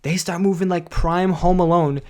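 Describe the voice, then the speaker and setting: A man's voice: high-pitched, fairly even intonation, moderate pace, darkish tone. Slangy young man rambling on stream. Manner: slangy and rambling, keeps saying bro and guys. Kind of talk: casual recap of a series on stream.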